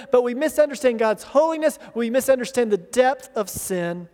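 A man preaching a sermon, his voice pitched unusually high for a man. He speaks earnestly and slips into the voices he quotes, repeating words as he pushes a point. The sound rings with the long reverb of a large hall. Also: lively intonation, normal speed, few pauses, a little mellow. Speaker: pastor.

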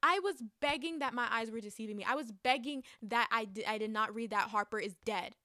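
A woman's voice: a little high, a little fast, no room sound, clean studio sound. A young woman giving a casual, emotional spoiler review of a book, ranting and swearing with frustration. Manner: emotional, ranting, profane, animated.

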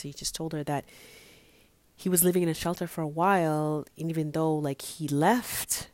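A woman casually telling a friend's story, chatty and animated, acting out the quoted lines. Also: low-pitched, normal speed, dry recording.

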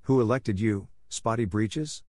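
A man's voice: on the low side, unhurried, a little mellow, no echo, clean studio sound, lightly acted. A man voicing a cheeky, grumpy young ginger tomcat who talks back sulkily. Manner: cheeky, sulky.

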